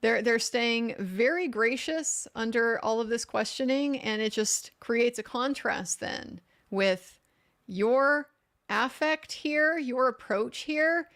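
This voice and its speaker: A woman's voice: on the high side, slow pace, fairly bright tone. A middle-aged woman hosting a live legal commentary stream, giving frank opinions with frequent restarts. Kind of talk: casual live commentary reading viewer comments.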